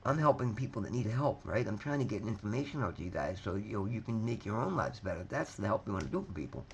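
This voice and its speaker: A man's voice: on the low side, sing-song, quick pace, vocal fry, slightly rough. Earnest man preaching self-help. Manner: earnest, repetitive, swears freely, keeps saying "guys". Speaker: motivational vlogger. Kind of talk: casual heartfelt monologue to camera.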